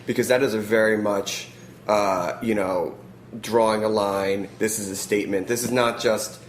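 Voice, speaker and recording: A man's voice: fairly low pitch, fairly even intonation, normal speed, reverberant, a little hiss or hum. A man hosting a radio interview, asking long, winding questions. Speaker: radio show host.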